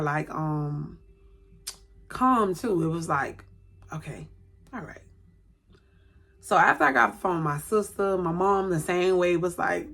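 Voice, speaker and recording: A woman's voice: on the low side, fairly bright tone. A woman vlogger telling a personal story in a chatty, rambling way, often correcting herself. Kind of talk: casual storytelling to camera.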